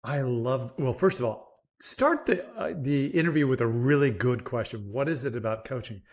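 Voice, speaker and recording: A man's voice: mid-range voice, expressive, moderate pace. A man born in Scotland, speaking as a leadership coach guest, earnest and storytelling on a remote call. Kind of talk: conversational interview. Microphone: remote call mic.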